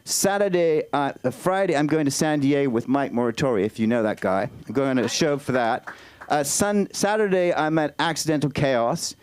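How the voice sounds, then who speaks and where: A man with an English accent doing stand-up at an open mic, chatty and halting as he tries out new lines. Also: on the high side, clean tone. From Britain. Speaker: stand-up comic. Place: small comedy club stage.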